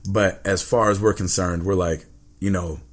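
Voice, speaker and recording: A man's voice: low-pitched, steady tone, normal speed. A man guest speaking earnestly and reflectively in a casual interview.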